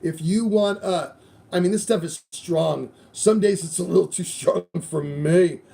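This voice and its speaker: A man's voice: high-pitched, unhurried, creaky, dark tone. A middle-aged man hosting a casual podcast, rambling loosely through sponsor reads with plenty of swearing. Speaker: show host.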